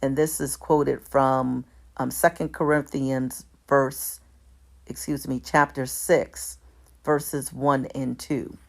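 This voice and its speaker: A woman reading a document aloud in a measured, deliberate way, speaking even the formatting marks and pausing to correct herself. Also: gravelly. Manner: reads out formatting marks like "all caps" and "lowercase"; measured, deliberate delivery with small self-corrections. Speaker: commentator.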